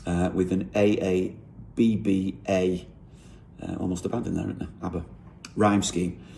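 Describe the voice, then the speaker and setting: A man with a low, gravelly voice talks through the lyrics he wrote. His tone is dark and mellow, and he thinks aloud, often pausing to correct himself as he breaks down rhyme and rhythm. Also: little pitch movement, a little hiss or hum. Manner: thinking aloud, unhurried, with frequent self-corrections. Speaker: songwriter. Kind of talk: explaining how he wrote a song lyric.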